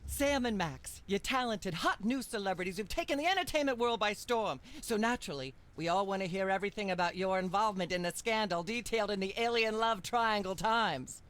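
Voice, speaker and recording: A woman's voice: mid-range voice, a little fast, hardly any pauses, lightly acted. An actress playing a smug, condescending middle-aged female talk show host in a video game, with a sanctimonious delivery.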